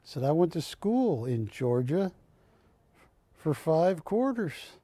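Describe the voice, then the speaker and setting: A man's voice: on the high side, sing-song, measured pace, warm tone, slightly rough, dry recording. A man hosting a live shopping channel, joking with the crew and counting prices down. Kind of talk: live TV sales pitch and banter.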